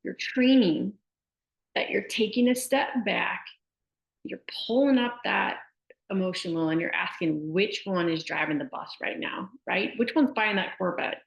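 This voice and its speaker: A woman's voice: mid-range voice, measured pace, creaky. A middle-aged woman, a sports nutrition specialist, chatting casually and telling stories, often tossing in "like" and "right?". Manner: chatty storyteller, frequent "like" and "right?". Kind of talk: casual conversational advice. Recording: echoey room, dull lo-fi sound.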